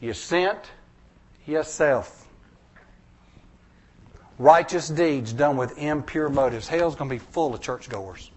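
A man's voice: a little high, slow, pauses often, darkish tone. A man preaching a sermon in a church, emphatic and repetitive, with folksy jokes.

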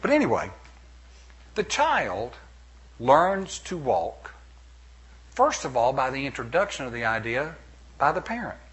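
A middle-aged man preaching a sermon as pastor, animated, with playful asides and acted-out quotes. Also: mid-range voice, unhurried, pauses often, breathy edge.

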